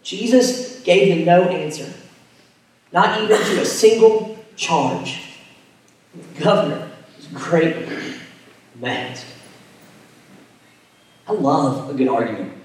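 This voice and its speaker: A man preaching a sermon, retelling a scripture story, dropping to hushed tones and rising to emphatic ones. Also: high-pitched. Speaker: pastor. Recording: echoey hall, mic at a distance.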